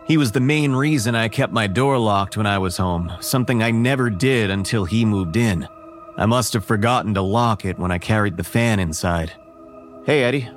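A man narrating a first-person horror story in a measured, wary tone. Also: fairly low pitch, soft background music.

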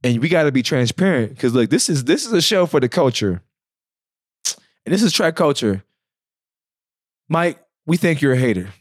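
A man's voice: on the high side, sing-song, normal speed, long pauses, dry recording, studio quality. A man co-hosting a podcast, teasing and slangy, laughing a lot as he chats. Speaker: podcast co-host. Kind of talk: casual chat.

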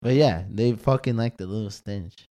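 A man's voice: fairly low pitch, normal speed, mellow. A young man telling crude stories in casual chat with friends, laughing and slangy.

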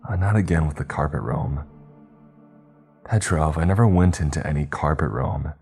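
A man's voice: a bass voice, normal speed, a little mellow, faint music behind. A man reading as a guarded young woman. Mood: defensive. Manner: defensive, guarded replies. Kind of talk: storytelling narration.

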